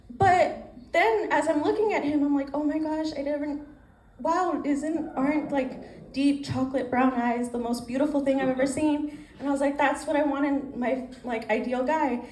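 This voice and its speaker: A young woman with a high voice tells a self-mocking stand-up story, switching into little voices for her own thoughts. The sound is echoey, with faint ambient noise behind her. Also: a little mellow. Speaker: stand-up comedian. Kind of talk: stand-up comedy set.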